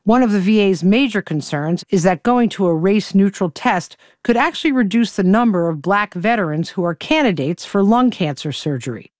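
A woman reporter narrating a news story in a measured, even, scripted delivery. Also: mid-range voice, no echo. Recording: dry close studio voice-over.

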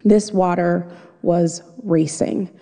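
A woman's voice: on the low side, steady tone, slow pace, gravelly, mellow. A woman telling a personal story live on stage, in a vivid, dramatic first-person way. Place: stage before an audience. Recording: long hall reverb.

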